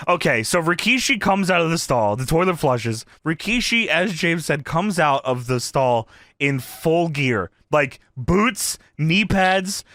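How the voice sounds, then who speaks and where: A man's voice: fairly high pitch, expressive, a little slow, fairly bright tone, no echo, clean studio sound. A man co-hosting a podcast in casual chat, acting out quotes and laughing a lot. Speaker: podcast co-host. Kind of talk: casual retro wrestling review chat.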